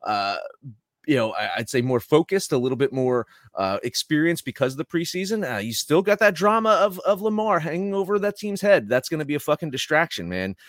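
A man co-hosting a sports betting podcast, halting and full of fillers, swearing casually as he talks. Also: a little high, lively intonation, dry recording, clean studio sound.

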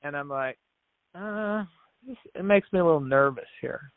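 A man's voice: fairly high pitch, expressive, moderate pace, no echo. Earnest man telling a story over a tinny line. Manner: earnest storyteller who acts out quoted dialogue; frequent restarts and repeated words. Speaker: podcast guest, business founder. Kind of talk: storytelling in an interview. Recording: tinny phone-like dry line.

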